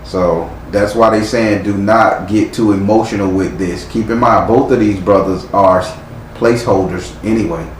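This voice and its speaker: A man reads tarot live, giving blunt, stern advice laced with profanity. His voice sits low. The room is echoey, with a faint hiss of noise behind him. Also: fairly even intonation, moderate pace. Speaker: tarot reader.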